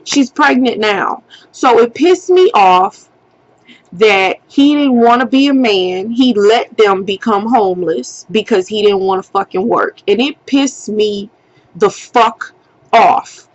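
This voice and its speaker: A young woman tells a personal story straight to her camera, unhurried and deliberate. She swears freely and leans into slang as she gets worked up. The sound is a little muffled and lo-fi. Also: medium pitch. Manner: animated, profane retelling with slang. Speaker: vlogger. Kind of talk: casual storytime vlog.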